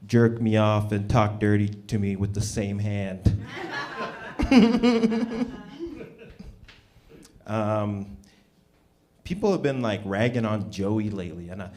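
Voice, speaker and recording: Young male comic at an open mic, unhurried and loose, voice that swings up and down. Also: on the low side, animated. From Canada. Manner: laid-back, halting delivery with many ums. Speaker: stand-up comedian. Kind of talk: stand-up set at an open mic. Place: small comedy venue with a live audience.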